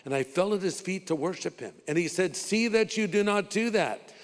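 High-voiced preaching man in a hall. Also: animated, moderate pace. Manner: emphatic preaching with call-and-response to the congregation; humorous asides. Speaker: pastor. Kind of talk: sermon.

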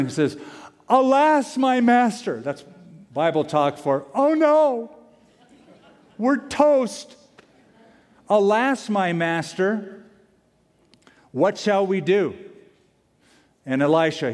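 A male pastor preaching a sermon, animated and emphatic, repeating key lines for weight. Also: on the high side. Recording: long hall reverb.

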